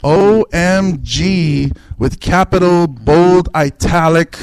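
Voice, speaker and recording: A man hosting a comedy podcast, rambling and joking through quick asides and self-mockery. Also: on the high side, a little mellow. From Samoan. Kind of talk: casual comedic banter. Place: indoor club room.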